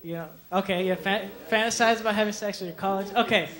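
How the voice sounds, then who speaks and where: A young man doing a stand-up comedy set on a club stage, animated, slipping into quick voices for the people he quotes, with audience laughter behind him. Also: sits high. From Mexican heritage. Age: young adult. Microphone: handheld stage mic.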